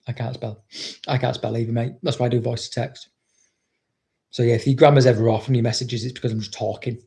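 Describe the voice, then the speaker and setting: A man's voice: mid-range voice, vocal fry, darkish tone. A man, a dog trainer, chatting casually on a livestream and reading out viewer comments, blunt and swearing constantly as he rambles.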